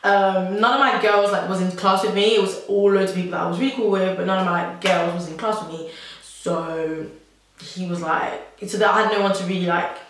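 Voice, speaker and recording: A woman's voice: mid-range voice, fairly even intonation, a little fast. A young woman tells a personal story to camera in a chatty, rambling way, full of "like" and nervous laughs. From South London. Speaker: vlogger. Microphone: camera mic. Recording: very echoey room.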